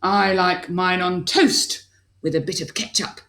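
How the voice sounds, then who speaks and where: A woman's voice: on the low side, fairly even intonation, a little slow, fairly bright tone, echoey room. A woman voicing a group of hungry, cheeky aliens in a sly, playful way. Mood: greedy.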